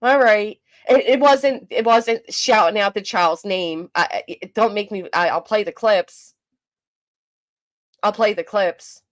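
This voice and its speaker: An unhurried woman with a medium-pitched voice runs a commentary livestream. Exasperated, she rambles and restarts frequently while reading viewers' chat aloud.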